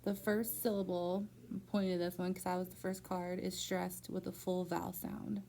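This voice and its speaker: A woman teacher giving a patient one-on-one phonics lesson in a school room, slowly stretching out words to model their syllables. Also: fairly low pitch, flat delivery, vocal fry, dark tone, a little hiss or hum.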